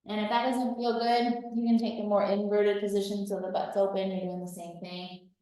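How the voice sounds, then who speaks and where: A woman's voice: medium pitch, level tone, normal speed, mellow, heavy reverb, far from the mic, low-quality recording. A woman fitness coach leading a workout, cueing breaths as she demonstrates the moves, a little out of breath. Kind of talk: workout instruction.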